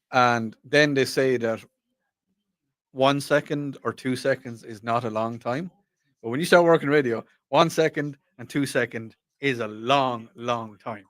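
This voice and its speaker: An Irish man talks on the radio in a loose, rambling way and laughs at his own jokes. His voice sits at an ordinary middle pitch. The studio sound is close and dry. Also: fairly bright tone, no echo. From Ireland. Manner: rambling, jokey, self-mocking. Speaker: radio talk show host. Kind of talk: casual radio chat. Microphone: studio microphone.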